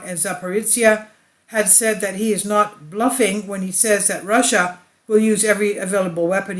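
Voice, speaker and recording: A woman commentator reading a translated news article aloud and breaking off into hesitant, animated personal remarks. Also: mid-range voice. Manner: hesitant, with frequent uh and restarts in her own remarks.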